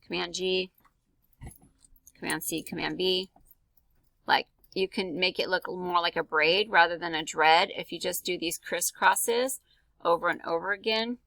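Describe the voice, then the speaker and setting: A woman's voice: on the low side, fairly even intonation, unhurried, gravelly, a bit bright, no room sound, poor audio. A woman art teacher talking through a drawing tutorial in a casual, chatty way, with many ums and likes. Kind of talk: screen-recorded drawing tutorial.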